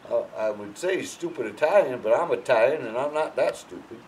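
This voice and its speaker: A man with a rather high voice gives casual horse-handling advice, blunt and emphatic, often restarting mid-sentence. He swings from low mutters to loud bursts. Faint noise sits behind him. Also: very animated, moderate pace, rough recording. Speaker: horse trainer. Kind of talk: casual instructional talk.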